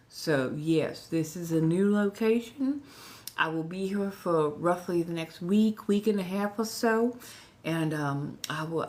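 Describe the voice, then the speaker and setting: A woman with a Southern US accent hosting a relaxed livestream chat. She talks softly, slips into whispers, and rambles with restarts while speaking without her upper denture. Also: low voice. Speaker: ASMR livestream host.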